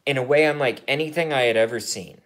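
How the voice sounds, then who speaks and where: A man in his thirties rambling through a political vlog monologue, excitable and profane, swinging from mumbled asides to loud outbursts and repeating himself. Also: medium pitch, quick pace. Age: 30s. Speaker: YouTuber.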